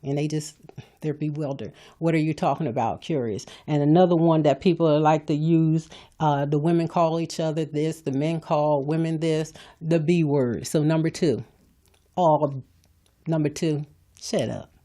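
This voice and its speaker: An older woman hosts her own podcast with a low, mellow voice. She gives a folksy motivational talk and speaks straight to her listeners, the way a preacher would. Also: fairly even intonation, measured pace. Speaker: podcast host.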